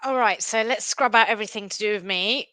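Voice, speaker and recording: A woman's voice: mid-range voice, fast talker, sharp tone, no room sound. A woman co-hosting a casual podcast chat, earnest and reflective, repeating phrases for emphasis. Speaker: podcast co-host.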